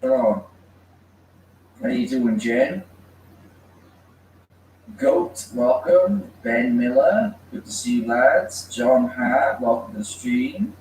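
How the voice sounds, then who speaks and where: A man's voice: medium pitch, darkish tone. A man hosting a livestream, greeting viewers by name and reading their comments in casual chat. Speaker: livestream host. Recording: echoey room, mic far off, faint noise.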